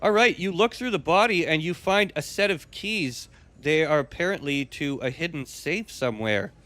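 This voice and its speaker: A man's voice: fairly high pitch, moderate pace, a bit bright. Casual man narrating as game master. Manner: casual, graphic storytelling. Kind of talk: narrating a role-play game.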